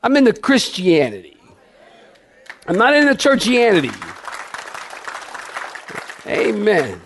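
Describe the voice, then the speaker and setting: Man, middle-aged, pastor, sermon, high-pitched, emphatic, passionate call-and-response. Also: huge pitch swings, slow, a faint crowd, slight background noise.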